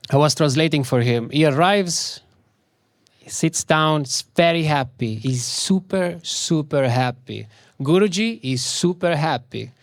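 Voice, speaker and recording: A man giving a spiritual talk, telling a story slowly and with emphasis, repeating key words. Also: a little high, dry recording, clean studio sound.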